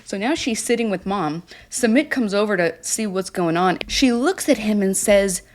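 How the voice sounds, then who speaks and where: A woman's voice: medium pitch, expressive, normal speed, hardly any pauses. A woman casually recapping a reality show, blunt, snarky and exasperated.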